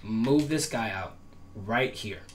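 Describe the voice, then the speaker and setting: Taking it slowly, a man with a fairly low voice explains defensive setups for his casual gaming tutorial, emphatic and repetitive in his instruction and promises. His voice cracks at times, and a little hiss or hum is audible.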